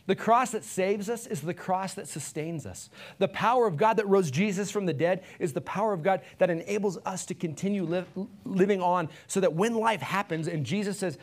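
A man's voice: high voice, moderate pace. Earnest man preaching a sermon. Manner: earnest, rising to emphatic peaks then dropping soft for prayer. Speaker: pastor. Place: church.

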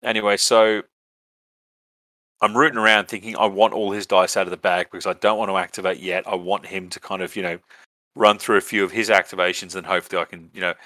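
A man's voice: low voice, bright, forceful tone, no echo. An Australian man hosting a podcast, telling a rambling story casually, with lots of fillers and swearing. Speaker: podcast host.

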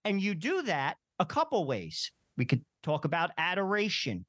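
A man's voice: high-pitched, very animated, moderate pace, fairly bright tone, dry recording. A blunt male podcast co-host who calls himself confrontational. His voice moves up and down a lot. The sound is dry and close. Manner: blunt, self-described confrontational. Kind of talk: casual podcast conversation.

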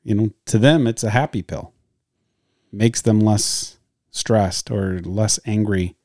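Mellow low-voiced man, careful clinician. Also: slow pace, dry recording, clean studio sound. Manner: careful, hedging, thinks aloud. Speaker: hospital clinician, podcast guest. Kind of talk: casual podcast conversation.

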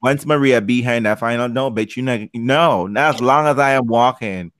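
A man co-hosting a casual chat show, talking in an animated, joking way and often repeating "you know what". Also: mid-range voice, moderate pace, slight background noise. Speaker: podcast co-host.

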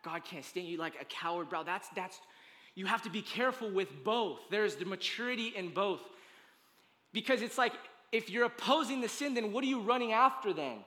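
A man serves as pastor, delivering a sermon in a bright, high voice. He talks casually and emphatically, with slang and quick restarts. The sanctuary around him adds a long, ringing reverb. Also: animated. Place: church sanctuary.

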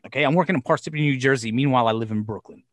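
A man tells a long story as an interview guest. He swears freely and acts out each exchange with lively energy. His voice sits at an ordinary pitch and sounds dry and close, with no room echo. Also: racing. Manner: profane, animated storyteller who acts out quotes. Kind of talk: casual storytelling.

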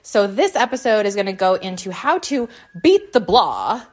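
A woman's voice: mid-range voice, sing-song, moderate pace, darkish tone. A woman hosting her own podcast, talking in a bubbly, chatty way and laughing at herself. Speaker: podcast host. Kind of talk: upbeat solo podcast chat.

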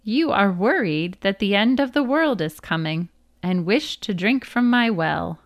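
A woman's voice: mid-range voice, lively intonation, unhurried, no room sound, studio quality. A woman voicing a wise, old, long-bearded male giant with a sing-song way of speaking, reading a storybook aloud.

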